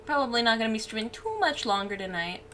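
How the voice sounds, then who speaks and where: A woman's voice: a little high, big pitch swings, fast, fairly bright tone, a little hiss or hum. A woman streamer chatting casually and playfully with her viewers. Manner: chatty, playful, talks to chat. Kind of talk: casual live-stream chat.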